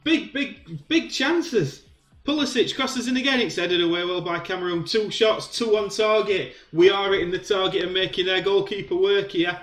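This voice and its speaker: A man giving excited play-by-play commentary on a football video game, shouting when goals go in. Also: sits high, normal speed, roomy sound, faint music behind. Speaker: gaming commentator.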